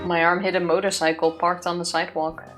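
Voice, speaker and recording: A woman with a somewhat low voice reads visual novel narration aloud for a let's play. Her delivery is plain and steady. Faint game music plays in the background. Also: quick pace.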